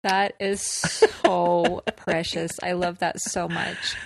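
A woman's voice: on the low side, level tone, slow, vocal fry, no room sound. A woman hosting a podcast who reacts to her guest with gushing enthusiasm. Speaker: host. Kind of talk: casual chat.

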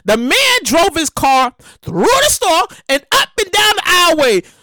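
A woman giving comedic commentary, animated and incredulous, exclaiming and laughing. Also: very high-pitched, measured pace, no echo.

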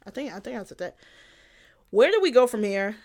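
A woman's voice: on the high side, very animated, brisk, a little mellow. Blunt, profane young woman ranting. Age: young adult. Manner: blunt, profane, repeats her points, laughs at herself. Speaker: podcast host. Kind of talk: casual solo podcast rant.

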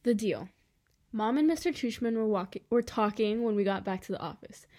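A woman's voice: mid-range voice, lively intonation, a little fast, darkish tone. Woman reading a novel aloud. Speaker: audiobook reader. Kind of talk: first-person novel reading.

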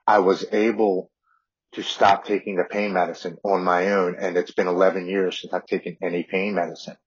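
A man's voice: sits low, level tone, normal speed, slightly rough. A man in his forties, a podcast guest, earnestly telling a personal recovery story and often repeating words. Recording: dull lo-fi audio.

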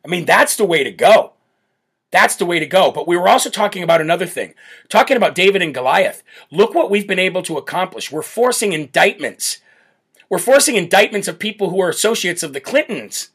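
A man hosting a live political talk show, brash and loud, often breaking into laughter. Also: high-pitched, expressive, brisk, breathy edge. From United States. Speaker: show host.

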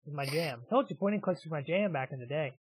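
Rambling man, slightly high voice. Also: expressive, fast, a little hiss or hum. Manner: rambling, trails off with fillers. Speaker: podcast co-host. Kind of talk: casual chat.

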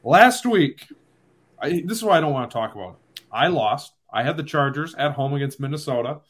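Lively man hosting a sports podcast. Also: a little high, fairly quick. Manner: animated, laughing, self-deprecating. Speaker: podcast host. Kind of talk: casual sports podcast chat.

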